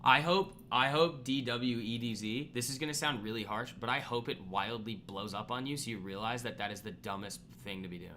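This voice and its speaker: A man's voice: medium pitch, a little fast, hardly any pauses, bright, forceful tone, slight background noise. A man hosting a live trading stream, ranting bluntly and with exasperation at viewers' poor trades. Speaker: trading livestream host.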